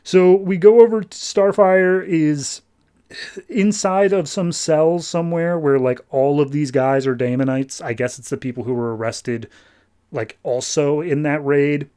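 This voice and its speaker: A man's voice: fairly high pitch, unhurried, warm tone, clear, resonant tone. A man hosting a comic book podcast, recapping an issue in a casual, rambling way with wry, sarcastic asides.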